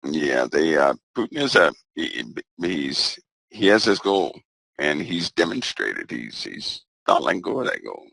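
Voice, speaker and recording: A man speaking as a guest in a casual conversation, measured and repeating phrases for emphasis. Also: rumbling low, big pitch swings, vocal fry, a bit bright, slightly rough, no echo.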